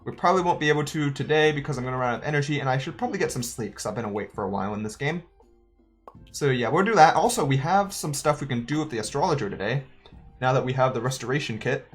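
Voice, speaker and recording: A man's voice: mid-range voice, slightly rough. A man giving joking, chatty let's-play commentary, thinking aloud as he plays. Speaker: gaming YouTuber.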